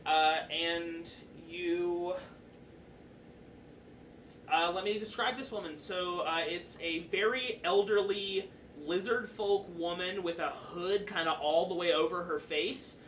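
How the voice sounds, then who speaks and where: Bright-voiced man running a tabletop game. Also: sits high, slow. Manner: loose, chatty, lots of fillers. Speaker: dungeon master. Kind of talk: narrating a tabletop game stream. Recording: echoey room, far from the mic, faint noise.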